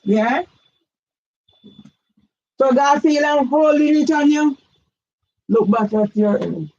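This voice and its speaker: Lady ranting at someone by name, real high voice, muffled lo-fi sound. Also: takes it slowly, a little mellow. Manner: emphatic, keeps addressing one man by name, pointed questions. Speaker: campaigner vlogger. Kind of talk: direct-address complaint monologue.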